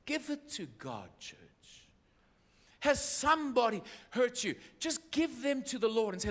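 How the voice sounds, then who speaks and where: A man delivers a sermon as an apostolic church leader, with a voice pitched high for a man. His preaching is animated and keeps building until he is shouting. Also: unhurried.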